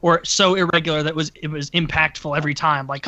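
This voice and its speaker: A man co-hosting a podcast, telling an energetic, laughing childhood story. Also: a little high, fast, no room sound. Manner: energetic, bright, laughing narration. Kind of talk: casual storytelling.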